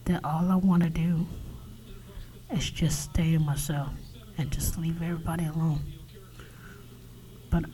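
A man talking alone on his podcast in a halting confessional monologue, often dropping to a whisper and swearing. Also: on the high side, mellow, rough recording. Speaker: podcast host.

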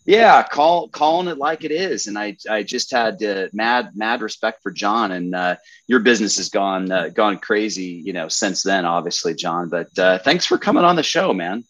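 A man hosting a casual podcast who speaks haltingly, with lots of fillers. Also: fairly low pitch, animated, fairly bright tone, muffled recording. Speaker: podcast host.

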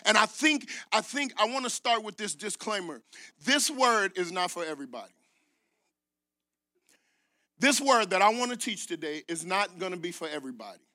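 A man delivers an animated sermon into a microphone, with a close, dry sound. He leads call-and-response with the congregation, shouting lines of scripture and breaking into laughing asides. His voice is high-pitched and bright. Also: moderate pace, long pauses, no room sound. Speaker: guest preacher. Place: church stage.

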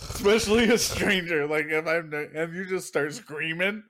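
A young man chatting casually as a podcast co-host, telling stories with lively acted-out outbursts and frequent laughter. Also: on the high side, unhurried. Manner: animated storytelling, acting out people with loud outbursts, laughs often. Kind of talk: casual chat.

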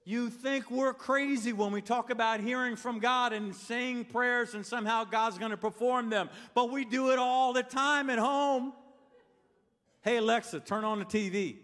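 High-voiced older preacher in a hall. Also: male voice, steady tone, moderate pace, few pauses, fairly bright tone. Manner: storytelling, asks the crowd questions. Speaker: pastor. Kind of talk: sermon. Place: church sanctuary. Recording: long reverb of a big hall.

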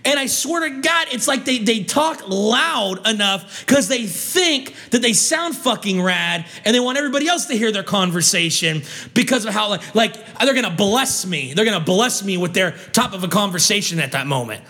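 A vlogger man on an angry, foul-mouthed rant. His voice sits high and sounds bright and sharp. He keeps tripping over his words as he restarts his sentences in frustration. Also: animated, moderate pace. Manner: heated, swearing constantly, stumbling restarts.

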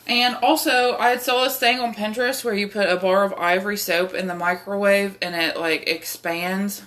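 A woman's voice: mid-range voice, steady tone, moderate pace, fairly bright tone. A young woman host telling a rambling, profane personal story, with lots of fillers. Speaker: podcast host. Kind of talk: casual storytelling.

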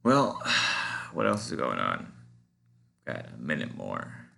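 A man hosting his podcast alone, musing and meandering with many halting fillers. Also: rumbling low, wildly swooping pitch, gravelly, bright, forceful tone. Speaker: podcast host. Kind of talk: casual rambling solo monologue.

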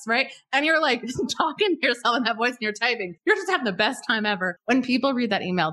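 A woman guest on a podcast, talking about email marketing in a bubbly, animated way, often laughing and acting out examples. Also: a little high, quick pace, few pauses. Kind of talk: casual podcast conversation.

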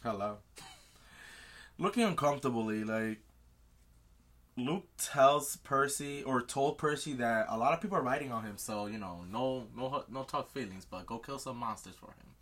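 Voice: medium pitch, normal speed, a bit bright. A podcast co-host animatedly retelling a book chapter in casual chat, swearing freely and acting out the characters.

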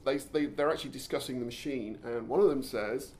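A man's voice: medium pitch, brisk, a little mellow. A man hosting a podcast, telling a story with enthusiasm and frequent stumbles and restarts. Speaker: podcast host. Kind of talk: casual storytelling commentary.

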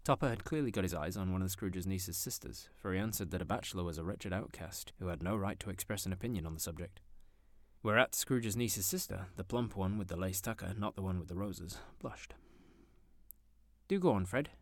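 A man narrating a classic story in an expressive, theatrical manner. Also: deep voice, brisk, no room sound, clean studio sound. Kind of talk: audiobook narration.

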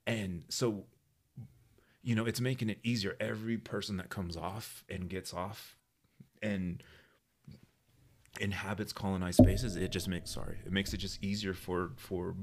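A man with a low, husky voice tells a story on a podcast and acts out the people in it. He comes from New Mexico and talks in an easy, casual way. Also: a little slow, long pauses. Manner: animated storyteller acting out quoted voices. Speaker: podcast co-host.

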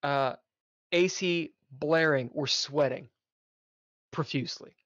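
A man's voice: a little high, takes it slowly, fairly bright tone, dry recording. A man, a podcast guest, telling a casual road-trip story with swearing and laughter. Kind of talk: casual chat. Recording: dull lo-fi audio.

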